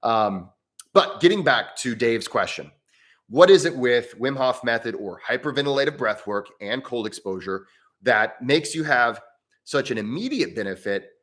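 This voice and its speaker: Chatty, rambling male breathwork host. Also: normal speed. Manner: rambling and chatty, with frequent restarts and self-corrections; animated, with pitch jumping up and down. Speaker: breathwork coach and live-stream host. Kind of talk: casual live-stream chat answering viewer mail.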